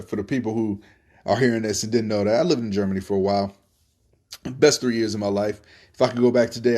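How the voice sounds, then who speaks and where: A young man from Florida telling a story in a relaxed, casual monologue, cursing freely and often repeating his words. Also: on the low side. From Tampa, Florida. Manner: laid-back, profane, repeats himself. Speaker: podcast host telling stories.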